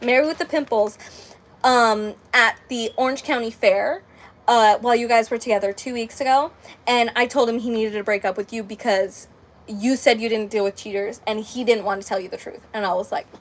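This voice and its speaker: A woman's voice: a little high, normal speed. A woman in her late twenties telling a personal story in casual, rambling chat, full of "like" and "um". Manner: rambling, heavy on "like" and "um", with animated quoted dialogue. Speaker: crafting channel host.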